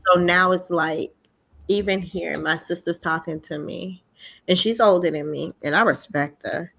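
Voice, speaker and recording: A middle-aged woman in casual conversation, telling family stories in an animated way and acting out the voices of others. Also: on the low side, unhurried, gravelly. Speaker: podcast host.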